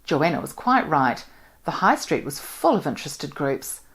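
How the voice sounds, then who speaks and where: A woman from New Zealand reads a novel aloud with measured, expressive narration. Her voice is low, and it moves through lively rises and falls. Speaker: audiobook reader.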